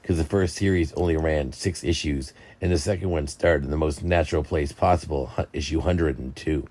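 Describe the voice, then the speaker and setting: Low-voiced young guy, jokey and rambling, casual book chat host. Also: a little fast. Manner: rambling, jokey, lively storytelling.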